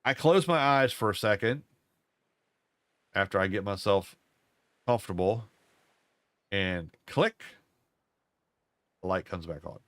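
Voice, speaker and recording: An older man with a low, dry, fairly bright voice talks slowly and pauses often, with no room sound behind him. As a gaming channel host, he spins a casual, rambling, folksy story over gameplay and keeps repeating himself.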